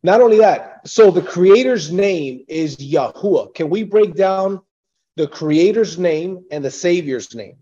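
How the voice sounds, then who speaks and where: Guy hosting a chat, kinda high pitched, muffled lo-fi audio. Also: animated, measured pace, warm tone. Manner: prompting, asks leading questions. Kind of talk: casual discussion. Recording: dull lo-fi sound.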